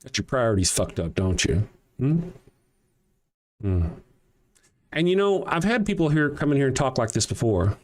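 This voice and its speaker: A man's voice: mid-range voice, sing-song, moderate pace, pauses often. A man hosting a livestream, answering his chat with sarcastic, mocking rhetorical questions and frequent swearing. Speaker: livestream host. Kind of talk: livestream commentary reading chat.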